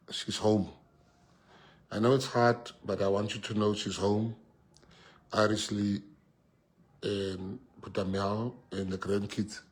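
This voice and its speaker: A man's voice: lowish voice, breathy edge. A man with a South African accent telling anecdotes in a speech to an audience, slipping into Afrikaans phrases. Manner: animated, laughing anecdotes mixing in Afrikaans. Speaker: politician addressing an audience. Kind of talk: storytelling speech.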